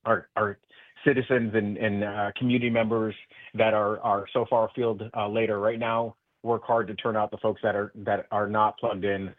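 Man, earnest, halting, restarts, lowish pitch, tinny phone line. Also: little pitch movement, no room sound. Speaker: guest. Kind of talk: political radio interview.

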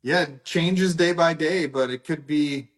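A man's voice: fairly high pitch, measured pace. A man, a radio guest telling family stories in a friendly, easygoing way. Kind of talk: casual radio interview.

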